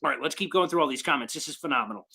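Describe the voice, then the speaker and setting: A young man hosting a sports fan livestream, reading chat comments with hyped, shouty excitement. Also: on the high side, racing, vocal fry, husky. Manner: hyped, shouting bursts of celebration.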